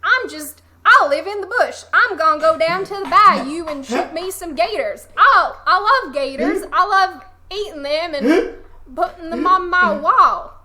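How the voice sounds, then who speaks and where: A woman's voice: very high-pitched, animated, unhurried, a crowd in the background, pitched above the performer's own voice. A woman voicing a boastful male swamp hunter who loves gators, in an exaggerated rural twang.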